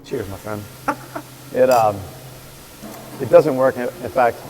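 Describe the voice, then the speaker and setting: Speaking in a mid-range voice, this brewery owner appears as a guest and spins a lengthy tale in relaxed conversation. He animates every character with snappy quoted lines and energetic restarts, while the quiet hum of his brewery lingers underneath.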